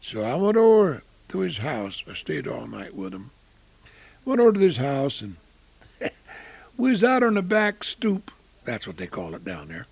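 A man in his eighties preaching a storytelling sermon, swinging between loud exclamations and hushed asides. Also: mid-range voice, wildly swooping pitch, moderate pace, gravelly, slightly rough, dry recording, muffled recording. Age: 80s.

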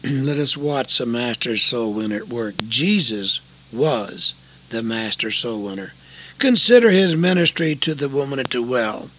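An older man from Oregon preaching a sermon, earnest and folksy, telling a story with sudden loud emphasis. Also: medium pitch, expressive, unhurried, a little hiss or hum, low-quality recording. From Oregon, USA.

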